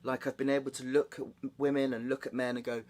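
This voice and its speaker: A man sharing a personal story in a candid, halting way, with nervous laughs and frequent restarts. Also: mid-range voice, little pitch movement, a little mellow. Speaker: vlogger. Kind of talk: personal confessional vlog.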